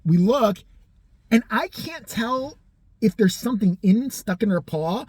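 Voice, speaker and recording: A husky voice that leaps around in pitch as it tells a personal story on a vlog. The delivery is casual, sarcastic and full of swearing. It acts out each person in the story with gusto. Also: unhurried, no room sound. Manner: animated, profane, sarcastic, acts out the people in the story. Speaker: storytime vlogger.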